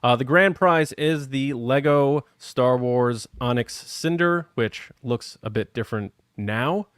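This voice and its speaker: Male podcast host at a mid-range pitch, upbeat and conversational. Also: takes it slowly, fairly bright tone, smooth, no room sound, clean studio sound. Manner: upbeat, reads listener comments and runs a trivia segment. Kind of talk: casual aftershow chat.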